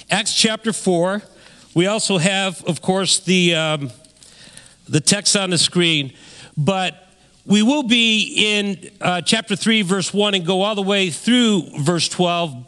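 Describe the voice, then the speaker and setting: A man's voice: on the high side, fairly bright tone, in a large hall. A pastor preaching to his congregation, a man with a slightly raised voice. He drives his points home with emphatic stress, rising and falling as he quotes others. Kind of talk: sermon.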